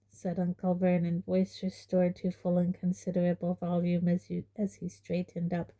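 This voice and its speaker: A woman reading an audiobook in a measured, even narration. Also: lowish voice. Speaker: audiobook reader.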